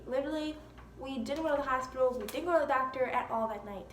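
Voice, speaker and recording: A young woman in her teens telling a casual, chatty storytime about an accident, animated and full of laughing asides. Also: high-pitched, quick pace, recorded from a distance, slight background noise. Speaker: vlogger. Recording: echoey room with faint ambience.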